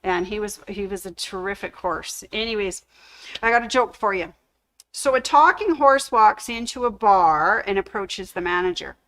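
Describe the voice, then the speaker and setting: A woman's voice: medium pitch, expressive, moderate pace, fairly bright tone, poor audio. A woman hosting a casual fabric store livestream, chatty and full of corny jokes. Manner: chatty, cracks corny puns. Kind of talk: casual livestream product showcase.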